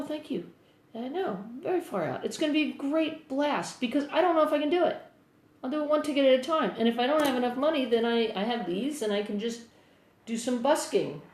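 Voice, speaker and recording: A middle-aged woman with a New Jersey accent talks in a loose, rambling, upbeat way, answering viewer comments. Her voice sits at a middling pitch. It is picked up by a phone inside an echoey room. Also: a little mellow. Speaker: singer-songwriter live-streaming. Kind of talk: casual live-stream chat answering viewer comments. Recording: roomy echo on a phone mic.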